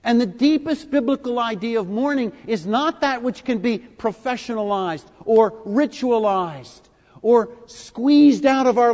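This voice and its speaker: High-voiced older preacher. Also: male voice. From United States. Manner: deliberate and emphatic, with big swings in loudness. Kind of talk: sermon. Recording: echoey hall.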